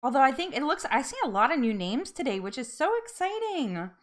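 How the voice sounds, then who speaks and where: A woman's voice: sits high, sing-song, brisk. A woman hosting a live-stream chat, bubbly and effusive, laughing often and getting emotional. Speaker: livestream host.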